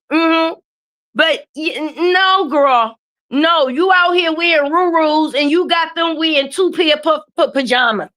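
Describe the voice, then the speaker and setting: A high-pitched woman with a sharp, bright tone hosts a casual live stream, sniffly from a cold. She talks bluntly and animatedly, swearing freely and greeting viewers by name. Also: slow. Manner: animated, blunt and profane, calling out names. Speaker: livestream host. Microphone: webcam or phone mic while streaming.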